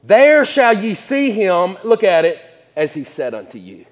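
A man with a high, light voice preaches a sermon in a reverberant church hall. His delivery is folksy and conversational, full of laughs, asides and repeated words. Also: wildly swooping pitch, measured pace.

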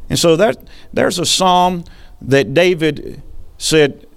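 A man preaching a sermon as a pastor, speaking earnestly and conversationally, with quieter, slower passages when he leads a prayer. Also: fairly high pitch, expressive, gravelly. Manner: earnest, conversational preaching with frequent "all right?" asides; dramatic paraphrase of scripture, quieter and slower in prayer.

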